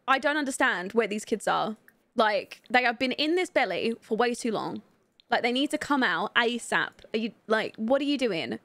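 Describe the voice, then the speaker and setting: A young woman streaming a life-sim game, chatting candidly with viewers, rambling with lots of fillers and quick to laugh. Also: a little high, expressive, fairly bright tone, dry recording. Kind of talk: casual live-stream chat while playing.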